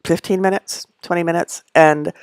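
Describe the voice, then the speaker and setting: Woman host, middle-aged, rambling live-stream chat, quick laughs, dry sound. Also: lowish voice, steady tone, a little mellow, clear, resonant tone, no room sound. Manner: rambling, chatty, laughs often between asides. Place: at home among packed belongings.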